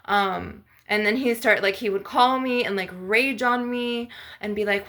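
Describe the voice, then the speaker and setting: A woman's voice: a little high, normal speed, pushed and bright. A woman hosting her own channel, rambling through a personal story with lots of fillers and nervous laughs. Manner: rambling, heavy use of "like" and fillers; laughs through painful memories. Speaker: ASMR channel host.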